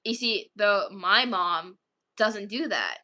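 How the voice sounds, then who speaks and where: A woman's voice: medium pitch, takes it slowly, pushed and bright. A woman chatting casually with her viewers, rambling through stories with lots of fillers and frequent giggles. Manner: rambling, filler-heavy storytelling. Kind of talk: casual chat.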